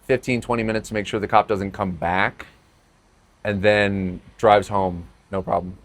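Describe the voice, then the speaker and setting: Casting: young male podcast host, lowish voice, chatty storyteller, easy laughs. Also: normal speed. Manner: storytelling, laughs often, animated when acting out scenes. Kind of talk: casual chat.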